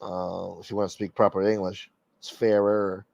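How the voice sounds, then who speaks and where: A man's voice: low voice, little pitch movement, moderate pace, creaky, darkish tone, dry recording, lo-fi sound. Profane joking man hosting a livestream. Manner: profane, joking, reading out viewer names. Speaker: livestream host. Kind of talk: casual live-stream chat.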